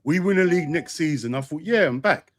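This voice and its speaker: A man's voice: on the high side, lively intonation, fairly quick. Exasperated man ranting. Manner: emphatic, exasperated, repeats himself. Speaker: co-host on a fan show. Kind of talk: casual banter.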